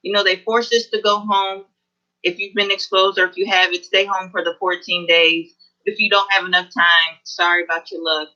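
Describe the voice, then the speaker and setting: A woman guest on an online interview, talking in an earnest, halting way about her experience. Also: mid-range voice, little pitch movement, bright, forceful tone. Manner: earnest, halting with frequent pauses. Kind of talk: personal testimony in an online interview. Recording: dull lo-fi video call audio.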